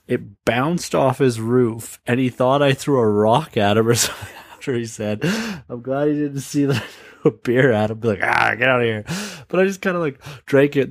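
A man spins a long, casual anecdote in a mid-range voice. He chuckles often and slips into quick impressions of the people involved. The sound is close and dry. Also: medium pitch, no echo. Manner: laughing, acts out quoted voices. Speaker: storyteller.

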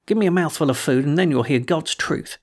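A man voicing a rough, down-on-his-luck sailor who talks in a surly, aggrieved whine. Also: a little high, a little fast. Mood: surly whining.

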